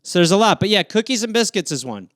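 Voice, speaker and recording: A man's voice: high voice, sing-song, quick pace, a bit bright, no room sound. A man from Wisconsin riffing through silly prompts on a livestream, playfully dropping into comic voices. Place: home, livestream. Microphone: phone or webcam.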